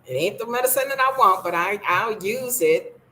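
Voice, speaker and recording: A woman's voice: medium pitch, lively intonation, moderate pace, pushed and bright, slight background noise, rough recording. An older woman from the United States, blunt and sassy, chatting casually in a vlog from her home. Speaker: vlogger.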